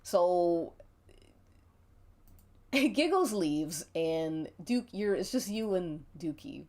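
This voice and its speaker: Giggly woman game master, slow and lively. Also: fairly low pitch. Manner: giggly, playful narration. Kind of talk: narrating a tabletop murder mystery game on stream.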